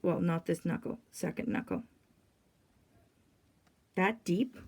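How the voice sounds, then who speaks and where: A woman's voice: lowish voice, takes it slowly, gravelly, a little mellow, slightly rough. A woman in her fifties giving a blunt, opinionated home review of an appliance, talking as she demonstrates it, recorded on an iPad in her laundry area. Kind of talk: casual product review demonstration. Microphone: iPad on a stand.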